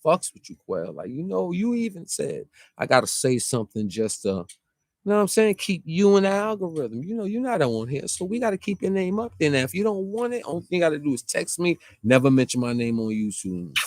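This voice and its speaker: A man's voice: sing-song, brisk, a little mellow, no echo. A man ranting casually to camera as a vlogger, rambling and slangy. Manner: rambling, slangy, pitch jumping up and down. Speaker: vlogger reacting to a track.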